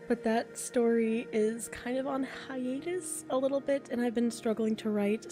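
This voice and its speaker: A young woman who makes voice recordings, chatting casually on a live stream, reading chat comments, thinking aloud and laughing often. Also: mid-range voice. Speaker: ASMR voice creator streaming live. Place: home, a train passing outside.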